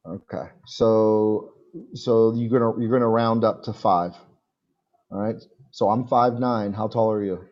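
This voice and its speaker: A man in his forties teaching English in a relaxed one-on-one video call, repeating words patiently so the student can copy them. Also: lowish voice, measured pace, muffled recording. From United States. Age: 40s. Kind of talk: casual one-on-one lesson.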